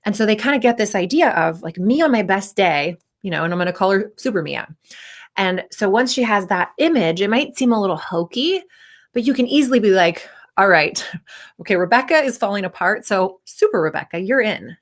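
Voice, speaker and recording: A woman's voice: medium pitch, expressive, a little fast. A woman confidence coach talking casually to athletes, acting out their inner voices and leading a short breathing exercise. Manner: chatty, acts out inner voices, guides breathing.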